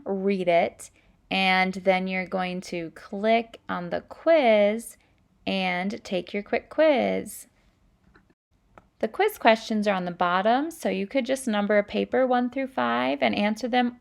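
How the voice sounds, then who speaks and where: Woman teacher reading aloud to children, unhurried, playful sound words. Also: mid-range voice, creaky. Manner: expressive storybook reading with sound effects. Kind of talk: reading lesson with read-aloud.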